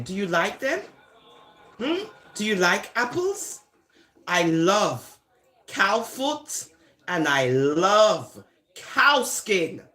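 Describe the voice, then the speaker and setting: A Jamaican speaker with a mid-range, sharp-toned voice delivers a teasing, taunting comic monologue. The delivery is sing-song, with words drawn out.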